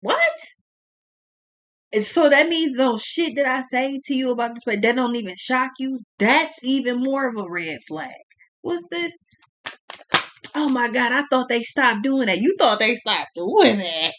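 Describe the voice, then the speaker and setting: A woman's voice: high-pitched, lively intonation, unhurried, fairly bright tone. A young woman giving a blunt, profane tarot reading, exclaiming as she turns the cards. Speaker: tarot reader.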